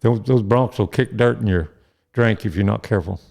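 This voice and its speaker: Low, gravelly co-host man. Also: brisk, a little mellow, a little hiss or hum. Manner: agreeable, chimes in with short replies. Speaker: podcast co-host. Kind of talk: casual chat.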